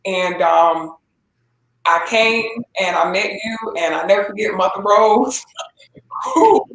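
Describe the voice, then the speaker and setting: A woman giving a halting, emotional personal testimony as an interview guest, with many fillers and restarts. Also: mid-range voice, vocal fry, fairly bright tone. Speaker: interview guest, gospel singer. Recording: echoey room with faint ambience.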